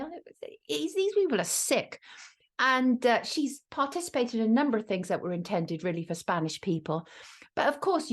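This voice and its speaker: A woman with a British accent hosting a show, delivering a blunt, scornful commentary monologue in a chatty way. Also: mid-range voice. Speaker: show host.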